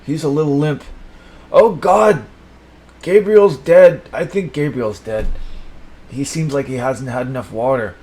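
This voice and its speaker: A man improvising an absurd, profanity-laced comedy monologue, rambling and swinging between mumbles and sudden shouts. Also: medium pitch, normal speed.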